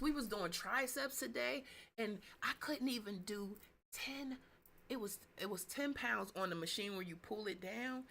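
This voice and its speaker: Woman livestream host, casual and excitable, with a bright, forceful tone set a little low, swinging between gushing and low asides. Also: a little hiss or hum. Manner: reads viewer comments aloud. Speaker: host of a live business stream.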